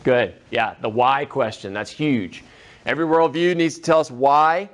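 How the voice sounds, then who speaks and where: A man's voice: medium pitch, moderate pace, slight background noise. A man giving a classroom lecture in a conversational way, often checking in with his students. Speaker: teacher.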